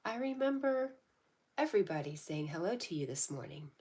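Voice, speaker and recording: A woman hosting a casual livestream, reading viewers' comments aloud and answering in a gentle, affectionate, spiritually encouraging way. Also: mid-range voice, sing-song, fairly quick, husky. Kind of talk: casual live-stream chat.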